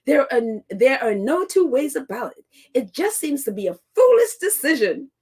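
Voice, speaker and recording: A woman's voice: sits high, sing-song, moderate pace, a little mellow. Chatty, sarcastic woman podcast host. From United States. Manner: chatty and sarcastic, laughs often, many fillers. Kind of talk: casual commentary.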